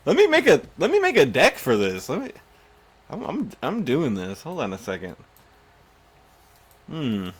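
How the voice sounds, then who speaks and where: A man giving live gameplay commentary, excitable and panicky, quick to laugh and curse. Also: mid-range voice, breathy edge. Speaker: gaming YouTuber.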